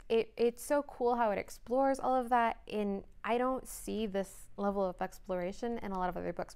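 A woman's voice: mid-range voice, smooth. A young woman reviewing books in a casual vlog, chatty and thinking aloud with frequent hedges. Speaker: book reviewer.

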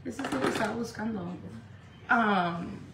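A young woman with a fairly high voice chats to her viewers on a makeup livestream, rambling and swearing freely. Her voice rings around an echoey room at home, with a faint hum of noise behind it. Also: moderate pace, distant mic. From Indio, California. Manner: chatty, swears freely, lots of "like". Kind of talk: casual live-stream chat.

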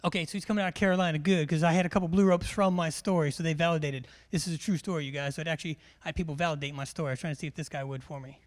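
A military education instructor with a high voice jokes with a large class during a humorous briefing, animated and quizzing the crowd. He speaks rapid-fire with few pauses.

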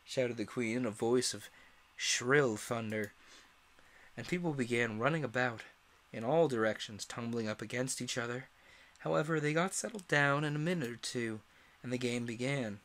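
A man reading a classic children's story aloud in an expressive way, with the odd slip. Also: mid-range voice, moderate pace. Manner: expressive, animated read-aloud with small slips. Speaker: storyteller, streamer.

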